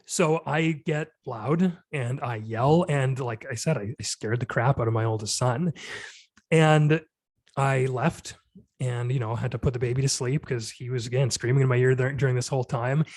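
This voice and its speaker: A man's voice: medium pitch, normal speed, a little mellow, no room sound. A man in his thirties, a podcast guest, telling a personal story in an earnest, reflective way, full of "like" and "you know". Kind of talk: candid conversational storytelling.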